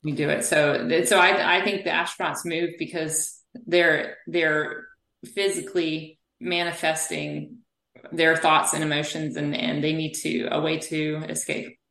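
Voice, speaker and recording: Guest spot: low-pitched woman, animated storyteller, physical therapist, roomy echo on her. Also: measured pace. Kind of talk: conversational interview.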